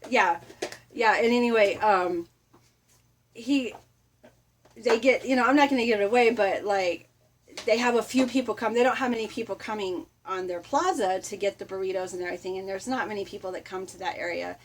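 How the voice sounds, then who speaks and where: A middle-aged woman giving a casual motivational talk, chatty and animated, often laughing and acting out little quotes. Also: medium pitch, brisk, a little hiss or hum. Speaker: motivational vlogger.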